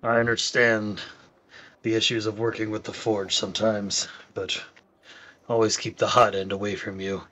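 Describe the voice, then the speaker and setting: A man playing his character in a tabletop game, talking in a measured, hesitant way with fillers. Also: lowish voice, flat delivery, bright, forceful tone, muffled recording. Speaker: player. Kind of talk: in-character tabletop role-play.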